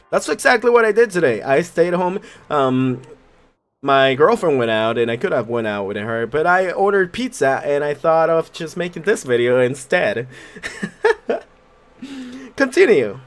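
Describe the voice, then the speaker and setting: A man hosting a gaming video, giving casual commentary that swears, laughs and reacts loudly. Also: a little high, sing-song, normal speed. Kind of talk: casual let's play commentary.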